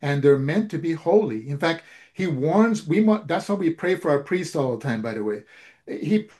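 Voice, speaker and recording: A man's voice: on the high side, lively intonation, normal speed, darkish tone. A man preaching a sermon, retelling a story and acting out its dialogue, with frequent restarts.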